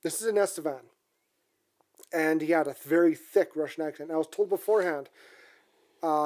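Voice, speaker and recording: A woman's voice: deep voice, normal speed, pauses often, a little mellow. A woman co-hosting a podcast, from Canada, telling rambling stories in casual chat with frequent restarts.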